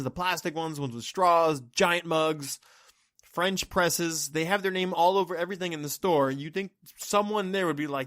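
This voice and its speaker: Guy ranting alone, kinda high voice, swears a lot, rambles, dry no-room sound. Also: fairly bright tone, no room sound. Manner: exasperated, profane, rambling. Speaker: podcaster. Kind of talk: solo rant monologue.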